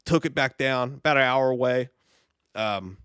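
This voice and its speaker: A man hosting a live movie news stream, talking in an excitable, profane, rambling way while reading chat. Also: medium pitch, normal speed, clean tone, no room sound, clean studio sound.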